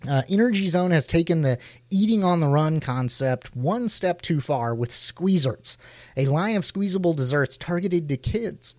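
A man's voice: on the high side, moderate pace, no room sound. A man with a slightly raised voice is chatting casually and laughing often. He tells stories with a lot of life in them. The recording is dry and close, with almost no room sound. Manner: laughs often, animated storytelling. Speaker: podcast co-host. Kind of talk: casual chat.

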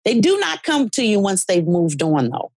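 A woman's voice: medium pitch, very animated, moderate pace, a little mellow, breathy edge, no room sound. A woman guest earnestly telling stories and explaining her spiritual beliefs with conviction in a podcast conversation. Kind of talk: storytelling conversation.

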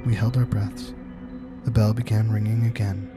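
A man reading a scripted horror story aloud in a measured, tense storytelling manner. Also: lowish voice, flat delivery. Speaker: narrator. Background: music.

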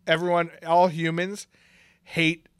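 Laid-back man with a slightly high voice. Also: monotone, takes it slowly, fairly bright tone, clear, resonant tone, dry recording, studio quality. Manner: laid-back, laughs often, lots of fillers. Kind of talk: casual chat.

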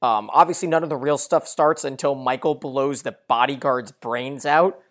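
A podcast co-host walks through a TV plot in long, run-on explanations, pushing back on the other host's take. The voice sits at a middle pitch that does not clearly read as either male or female. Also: moderate pace. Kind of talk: casual TV recap discussion.

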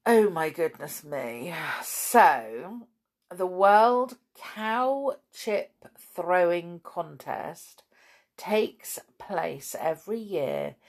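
Slow, expressive woman, gravelly. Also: lowish voice. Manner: exclamatory, playful. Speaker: children's podcast host. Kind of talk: chatty presenting to children.

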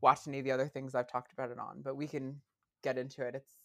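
A bass voice with fairly bright tone, little pitch movement, and a quick pace belongs to a young adult woman. She's a podcast guest keeping the interview chat casual, hesitant, and thick with fillers and restarts.

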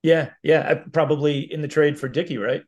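Man asking halting interview questions. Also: fairly high pitch, steady tone, darkish tone, highs cut off. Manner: halting, frequent restarts. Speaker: podcast host. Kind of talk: casual interview.

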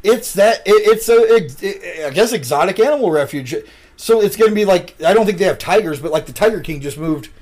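A man's voice: sits high, expressive, darkish tone. Profane rambling man, podcast co-host. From Nebraska. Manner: profane rambling storyteller with halting restarts. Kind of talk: casual chat.

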